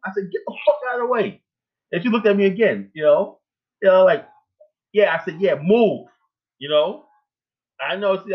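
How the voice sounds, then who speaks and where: A man hosting a casual talk show, ranting in a rambling, emphatic way with lots of filler tags and plenty of swearing. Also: medium pitch. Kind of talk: casual profane rant. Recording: tinny phone line.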